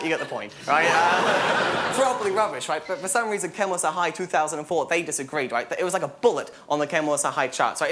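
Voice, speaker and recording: Young Australian man doing stand-up. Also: a little high. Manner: rambling, tags lines with "right?". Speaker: stand-up comedian. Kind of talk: stand-up routine. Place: comedy stage before a laughing audience. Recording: live show, loud crowd and noise.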